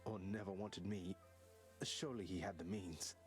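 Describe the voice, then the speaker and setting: Earnest young underworld prince voiced by a man, deep low voice, game music under. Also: steady tone, normal speed, close to an everyday voice. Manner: earnest, searching. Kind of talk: video game voice acting.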